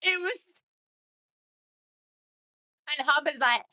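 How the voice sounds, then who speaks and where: A woman's voice: high voice, extremely slow, sharp tone, no echo. A woman in her thirties, co-hosting a casual podcast chat, telling stories with lots of laughter. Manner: chatty, laughing storyteller. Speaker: podcast co-host.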